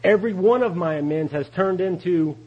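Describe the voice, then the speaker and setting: A man's voice: sits high, a little fast, husky, muffled recording. A middle-aged man telling his recovery story at a meeting in a folksy, confessional way, often laughing as he acts out what others said. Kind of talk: AA speaker talk, storytelling.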